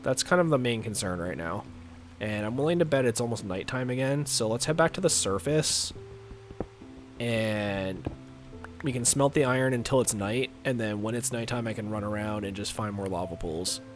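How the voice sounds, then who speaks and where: A man's voice: fairly low pitch, expressive, normal speed, soft background music. Rambling congested male gaming streamer. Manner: rambling, filler-heavy, chatty with viewers. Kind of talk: casual live-stream chat while playing.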